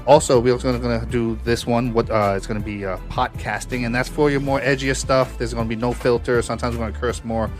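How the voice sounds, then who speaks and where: A man's voice: mid-range voice, flat delivery, fast, hardly any pauses, faint music behind. A man co-hosting a casual podcast chat, rambling with many fillers and restarts. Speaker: podcast co-host.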